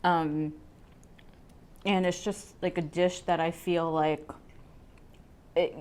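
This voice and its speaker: A woman guest chatting casually and warmly about food she loves. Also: fairly low pitch, little pitch movement, slow pace, clear, resonant tone. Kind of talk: casual chat.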